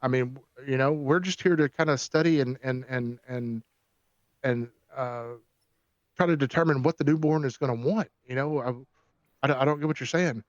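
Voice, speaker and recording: A man's voice: mid-range voice, normal speed, no echo, lo-fi sound, lightly acted. Gm guy doing a fumbling cultist dude, keeps stammering and losing his point. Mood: confused. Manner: stammering, trailing off. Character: rambling unsure male cultist, adult.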